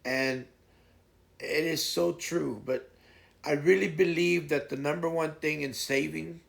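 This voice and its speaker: Host, male, very gravelly fry, pitched a bit high, loose rambling storyteller. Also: unhurried, a bit bright. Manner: rambling, folksy, retells stories with voiced quotes. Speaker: live streamer host. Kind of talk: casual morning chat and storytelling.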